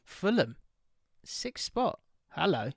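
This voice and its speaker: A man's voice: high-pitched, sing-song, slow pace, gravelly, no echo, studio quality. A man co-hosting a casual football podcast, rambling and distracted as he reads viewer comments while he talks. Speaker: podcast co-host.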